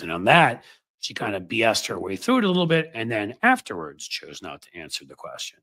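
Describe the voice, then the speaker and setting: A man's voice: fairly low pitch, huge pitch swings, brisk, a bit bright. A man hosting a livestream of political commentary, sarcastic and mocking.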